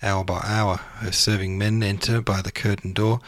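Low-voiced man reading poetry aloud. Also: flat delivery, fairly bright tone, dry recording, clean studio sound. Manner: measured recitation with small slips and self-corrections. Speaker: podcast host and poetry reader.

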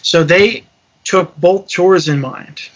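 A young man casually telling a travel story, animated and swearing freely while acting out the quotes. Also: high voice, takes it slowly, lo-fi sound. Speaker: touring musician telling a story.

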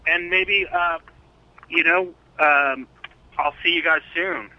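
A man calling into a radio show to plug his own show, speaking haltingly with many fillers. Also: a little high, dull audio, a little hiss or hum. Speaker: phone-in guest, fellow radio host. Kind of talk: casual radio chat.

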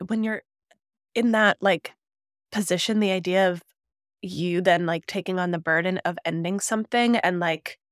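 A woman's voice: lowish voice, moderate pace, no room sound, studio quality. A woman co-hosting a podcast, responding supportively in casual conversation. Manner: supportive, brief affirming replies. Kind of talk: casual chat.

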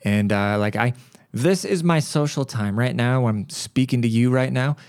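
A man's voice: medium pitch, moderate pace, a little mellow, smooth, dry recording, clean studio sound. A man hosting his own podcast, telling stories in a blunt, profane, ranting monologue. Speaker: podcast host.

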